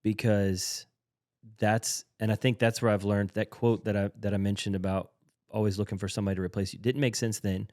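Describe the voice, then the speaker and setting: A man's voice: fairly low pitch, flat delivery, a little fast, a little mellow, no echo, clean studio sound. A man who leads in a church, a podcast guest explaining his ideas earnestly and step by step. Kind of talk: casual conversational interview.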